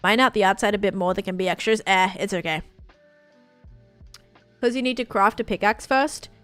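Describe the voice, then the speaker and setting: A woman talks live to her stream viewers in a casual, chatty way, full of fillers and restarts, with a non-American English accent. Her pitch sits in a middle range. Faint game music plays behind her. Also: normal speed, fairly bright tone, clean tone, dry recording.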